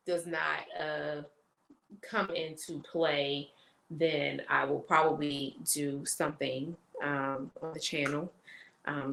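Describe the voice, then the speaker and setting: A woman's voice: sits low, creaky. Chatty woman co-host telling a story. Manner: storytelling with lively quoted voices. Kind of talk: casual chat.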